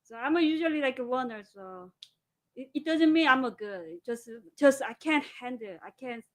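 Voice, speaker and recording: A woman with a Korean accent talking casually in broken English, animated and acting out quotes. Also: high-pitched, moderate pace. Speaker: guest. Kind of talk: casual chat.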